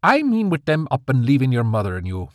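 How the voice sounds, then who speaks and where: A man's voice: mid-range voice, wildly swooping pitch, fairly quick, no echo, studio quality, pitched above the performer's own voice. A man voicing a jovial, stubborn old grandfather fairy with a brogue. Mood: defensive.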